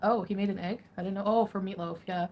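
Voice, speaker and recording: A woman's voice: medium pitch, fairly even intonation, quick pace, a little mellow, slight background noise. A woman, chatting casually on a livestream in a rambling, giggly way full of fillers. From Canada.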